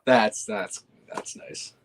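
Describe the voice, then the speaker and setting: A young man chatting casually and easily, often pausing with fillers and restarting his sentences. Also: a little hiss or hum. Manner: easygoing, hesitant with fillers and restarts. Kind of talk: casual chat.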